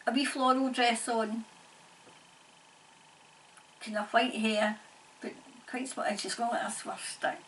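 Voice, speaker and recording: Scottish woman, psychic medium, higher voice, halting repetitive delivery, laughs a lot, mic at a distance. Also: a little hiss or hum. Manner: halting, repeats phrases, laughs often. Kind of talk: channelling session, casual monologue.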